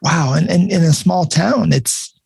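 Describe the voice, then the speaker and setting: A man's voice: a little high, brisk, gravelly, darkish tone, husky. A man hosting a podcast, chatting casually with guests and repeating words as he gathers his thoughts. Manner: conversational, repeats words as he thinks. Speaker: podcast host. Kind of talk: casual chat.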